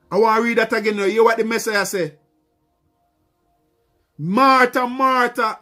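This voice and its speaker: A man's voice: sits high, a bit bright. A man preaching a sermon with emphatic delivery, repeating key phrases and calling out to his congregation.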